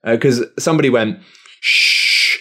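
A man telling a story in a casual chat. He talks in an animated way and swears freely. His voice sits at a middle pitch. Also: brisk.

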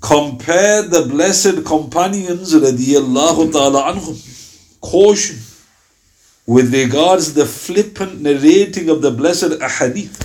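A man's voice: a little high, a little mellow. Emphatic male Islamic lecturer. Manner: storytelling, reads out hadith references, emphatic rhetorical questions. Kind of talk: religious lesson on early Muslim history.

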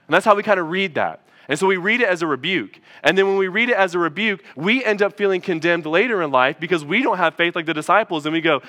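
A male pastor preaching a sermon in a relaxed, conversational way, with frequent asides to the congregation. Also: sits high, fairly quick, hardly any pauses. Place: church.

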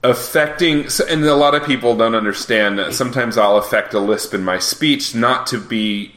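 A man's voice: mid-range voice, moderate pace, a bit bright, roomy sound. A man hosting a podcast in casual chat, rambling and self-deprecating, often breaking into laughter. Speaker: podcast host.

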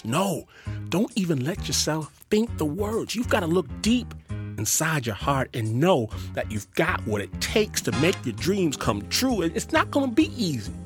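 A man hosting a radio show, delivering scripted links in a theatrical, dramatic way. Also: fairly high pitch.

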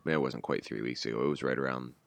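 A man with an extremely deep, gravelly voice talks through a casual sports podcast. He is blunt and wry and works himself up into animated rants. The sound is close and dry. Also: fast talker, no echo. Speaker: podcast co-host.

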